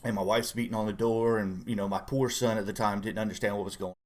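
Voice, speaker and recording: A middle-aged man with a voice sitting a little on the low side tells a personal story in casual conversation. He speaks earnestly and haltingly, restarting phrases as he opens up about hard feelings. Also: steady tone. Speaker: co-host guest dad.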